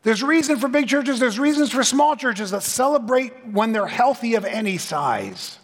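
A man's voice: very high-pitched, very animated, normal speed, slightly rough. A middle-aged man preaching a conference sermon with punchy, comic asides and mock voices. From Southern California. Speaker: pastor. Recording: long hall reverb.

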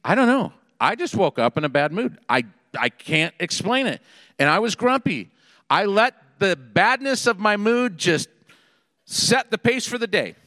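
Middle-aged man preaching, high bright voice, lively storytelling, dry close sound. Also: measured pace, dry recording, in a large hall. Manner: storytelling, animated and conversational. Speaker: pastor. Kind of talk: sermon. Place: Seattle area.

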